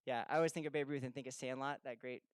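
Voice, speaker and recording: A man giving a lively seminar talk on retirement income, asking the room questions and telling stories. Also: medium pitch, rapid-fire, clear, resonant tone, no room sound. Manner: energetic, conversational, asks the room questions. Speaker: financial advisor speaking at a seminar. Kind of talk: live seminar talk to an audience. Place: room with a live audience.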